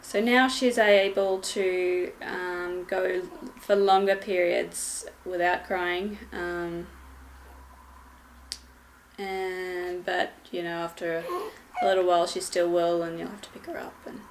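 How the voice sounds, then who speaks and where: A woman's voice: on the low side, flat delivery, slow, a little hiss or hum. A young woman and new mother giving a casual vlog update at home, hesitant, with many ums and restarts.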